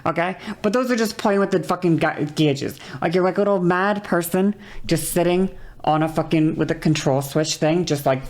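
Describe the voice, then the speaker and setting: A woman streamer with a darkish voice explains vocal control at normal speed, barely pausing. Her talk is casual and rambling, she swears freely and says "okay" a lot, and she demonstrates voice changes with whispery and high sounds.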